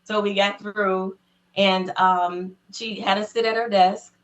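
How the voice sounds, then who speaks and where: A woman guest in an interview, telling an excited story in casual talk, laughing often and acting out what people said. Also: medium pitch, takes it slowly, lo-fi sound. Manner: excited, acts out quotes in a raised voice; laughs often between phrases.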